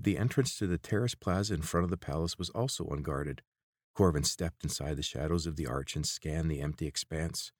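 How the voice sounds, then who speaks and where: A man narrating a fantasy audiobook in a steady, measured way. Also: a bass voice, no room sound, clean studio sound. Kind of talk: scripted narration.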